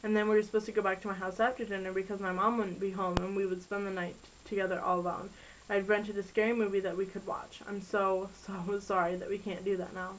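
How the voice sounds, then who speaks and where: A woman reads aloud as an earnest teenage boyfriend who keeps saying sorry, in an amateur storybook recording with poor audio and slight background noise. His voice is ordinary in pitch, sweet and devoted, apologetic in mood, and lightly acted with a flat, fast delivery.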